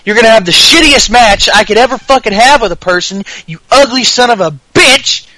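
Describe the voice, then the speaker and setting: A man doing an impression of a furious, trash-talking male pro wrestler, shouting profane taunts in a Southern US accent. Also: extremely high pitch, a little fast, no room sound, poor audio.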